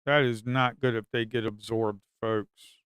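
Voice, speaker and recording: Swearing, self-repeating male trader, crisp dry voice. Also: mid-range voice, level tone, measured pace, a bit bright, dry recording. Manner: talks to himself and viewers, repeats phrases, swears. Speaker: live-streaming futures trader. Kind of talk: live trading commentary.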